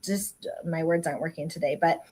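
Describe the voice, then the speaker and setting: A woman's voice: sits low, fairly quick, darkish tone, slightly rough. A middle-aged woman talking casually on a panel, thoughtful and hedging, with lots of ums and asides. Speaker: re-parenting panelist.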